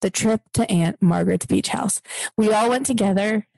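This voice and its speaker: A woman's voice: medium pitch, moderate pace, gravelly, dark tone, no room sound, rough recording. A woman co-hosting an improvised comedy podcast, gushing and pleading in a fawning way. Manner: gushing, pleading, rising to squeals. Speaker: podcast co-host.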